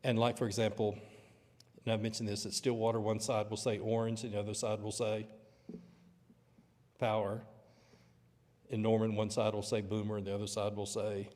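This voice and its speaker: A man's voice: on the low side, level tone, moderate pace, pauses often, a little mellow, big-room sound. A man teaching a Bible lesson in church, with a conversational, storytelling manner. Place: church auditorium.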